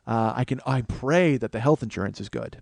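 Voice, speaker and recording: Over heavy background noise, a comedian host tells a long story in a storytelling monologue, acting out the voices of others. His voice is mid-range and brisk with vocal fry.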